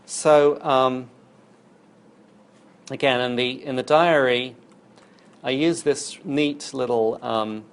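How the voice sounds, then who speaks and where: A man's voice: mid-range voice, steady tone, takes it slowly, long pauses, clear, resonant tone. A man giving a recorded university lecture, explaining while he demonstrates on screen and thinks aloud.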